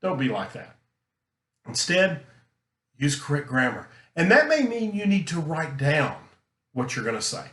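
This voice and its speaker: A man teaching a recorded lesson, talking earnestly and emphatically, deliberately slowing his delivery. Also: fairly high pitch, sing-song, fairly bright tone. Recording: roomy echo.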